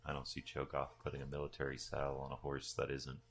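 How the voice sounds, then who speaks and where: Very deep-voiced man player, wry jokes, faint hiss behind. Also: completely flat delivery, fast, gravelly. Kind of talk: casual tabletop game chat.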